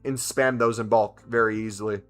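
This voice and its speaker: A man's voice: lowish voice, steady tone, fairly quick, a bit bright, faint music behind. A man streaming a video game, chatting casually and answering viewers' questions as he plays. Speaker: gaming streamer. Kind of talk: casual live-stream commentary.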